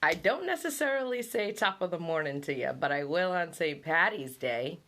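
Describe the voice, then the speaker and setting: A woman's voice: fairly low pitch, expressive, normal speed, a bit bright. A middle-aged woman hosting a casual vlog, reading out facts and musing aloud about them. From born and raised on an island. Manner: muses aloud, reads facts then reacts with laughs. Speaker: vlog host.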